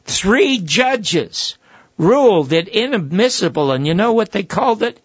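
An older man, a guest, telling long anecdotes and acting out the quoted voices, with a gravelly, husky voice. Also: sits high, a little slow, no echo, dull audio. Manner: animated storyteller who acts out quoted voices. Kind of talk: anecdotal storytelling.

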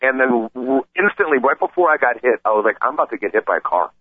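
Excited rambling man on a tinny line. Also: medium pitch, fast, no room sound. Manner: excited, rambling, stammering retelling. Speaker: podcast regular telling a story. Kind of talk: casual storytelling. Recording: tinny phone-like sound.

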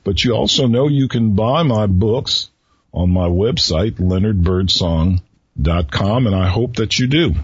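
A man hosting a radio talk show who tells riddles to his listeners slowly, repeating each one and pausing before the answer, with a folksy manner. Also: fairly low pitch, slightly rough, dry recording. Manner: folksy, chuckles at his own jokes. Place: radio studio. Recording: dull lo-fi radio recording.

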